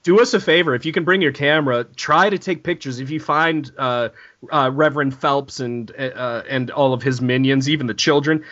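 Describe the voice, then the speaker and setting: A man's voice: medium pitch, moderate pace, fairly bright tone, highs cut off. A man hosting a podcast, chatting casually and sarcastically with lots of profanity and joking asides. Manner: sarcastic, profane, reads quotes in mock-preacher voice. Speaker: podcast host. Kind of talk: casual comedic podcast chat.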